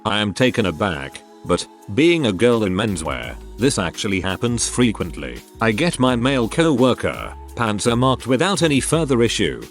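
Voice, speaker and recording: A man narrating first-person reader stories in a steady scripted reading. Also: on the low side, moderate pace, hardly any pauses, soft background music.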